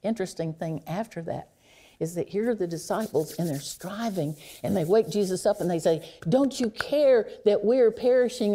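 A woman preaching a sermon, reflective and unhurried, sinking to a near hush on key phrases. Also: on the low side.

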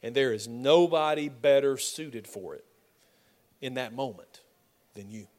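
A man preaching a sermon, swinging between loud, emphatic declarations and soft, quiet asides. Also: mid-range voice, unhurried.

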